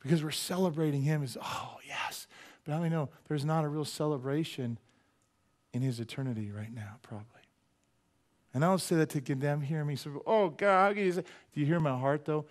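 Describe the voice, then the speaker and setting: Pastor, male, high voice, jokey animated sermon delivery in church. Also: a little fast. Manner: animated, joking, rhetorical questions. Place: church sanctuary.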